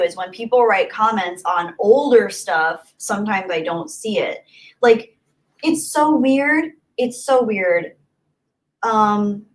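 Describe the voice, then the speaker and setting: A woman hosting her own livestream in a relaxed, chatty way. She reads viewer comments aloud one after another and answers each in easy conversational talk. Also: medium pitch. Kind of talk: casual livestream chat reading comments.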